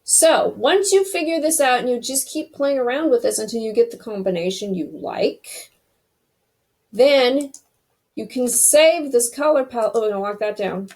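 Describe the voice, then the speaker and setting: A woman's voice: on the high side, normal speed, darkish tone. A woman hosting a casual screen-recorded web design tutorial, chatty and thinking aloud as she clicks through each step.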